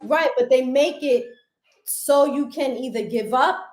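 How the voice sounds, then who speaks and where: Young woman guest, slightly high voice, animated storyteller, roomy echo. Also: measured pace. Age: young adult. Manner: animated, retelling prison routines. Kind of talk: casual interview talk.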